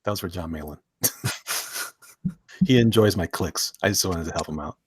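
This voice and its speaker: A man's voice: low voice, moderate pace, slightly rough, no echo. A man hosting a casual live stream, jokey and chatty, reading viewer comments aloud and laughing often. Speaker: host.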